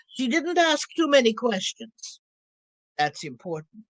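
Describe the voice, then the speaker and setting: A woman's voice: mid-range voice, no room sound, low-quality recording. A woman storyteller playing an ancient, wry witch in a drawling, teasing first-person telling. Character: ancient wry female witch Baba Yaga.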